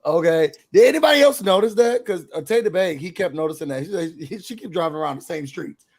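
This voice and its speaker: Male co-host, casual recap chat, animated storyteller, higher-pitched voice. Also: fast talker. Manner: animated, acts out quotes in a raised voice.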